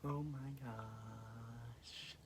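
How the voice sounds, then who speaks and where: A man's voice: medium pitch, fairly even intonation, extremely slow, a little hiss or hum. A man on a podcast, listening in casual chat and reacting with short exclamations and questions. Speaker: podcast co-host.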